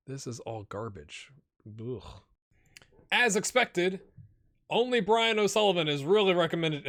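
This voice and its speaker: A man giving chatty, excitable live commentary over a game as a channel host, talking straight to his viewers. His voice sits a touch high and swings widely in pitch. The sound is dry and close, with no room around it. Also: no room sound.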